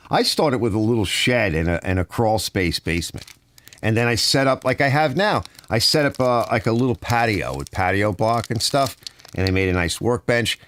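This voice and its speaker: A man's voice: fairly low pitch, fairly bright tone. A man hosting a live stream, chatting casually and reading viewer comments aloud in a rambling way. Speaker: channel host reading live chat.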